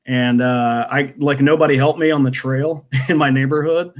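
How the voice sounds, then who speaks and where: A man's voice: medium pitch, fairly even intonation, moderate pace. A man, a comedian guest on a podcast, chatting casually and rambling with many restarts. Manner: rambling, self-interrupting, laughs often.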